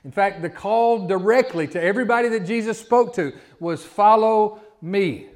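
Folksy preacher man, slightly high voice. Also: a little fast. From Southern United States. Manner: folksy, repeats words, preaches with rising emphasis. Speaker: pastor. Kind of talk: sermon.

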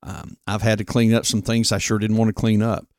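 A man's voice: lowish voice, level tone, a little fast, darkish tone, no echo, clean studio sound. A middle-aged man co-hosting a parenting podcast, talking in a firm, earnest, lecturing way. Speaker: podcast co-host. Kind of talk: casual parenting talk.

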